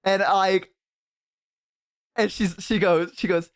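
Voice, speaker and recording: A man's voice: sits high, fairly even intonation, slow pace, a bit bright, clean tone. A man streaming from home on a headset, telling a story to his chat in a rambling, swearing, laughing way. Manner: profane, rambling, bursts of laughter.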